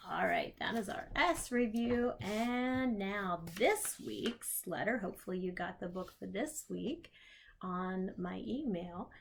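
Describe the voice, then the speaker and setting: A woman teaching young children letter sounds, reading picture books aloud and sounding out each letter slowly. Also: medium pitch, vocal fry. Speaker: preschool teacher. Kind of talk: children's phonics lesson.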